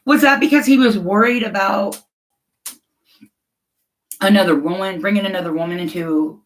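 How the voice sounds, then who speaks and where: A woman's voice: medium pitch, moderate pace, low-quality recording. A middle-aged woman hosting a casual livestream, reading viewer comments and talking bluntly and emotionally, often laughing. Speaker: livestream host chatting with viewers.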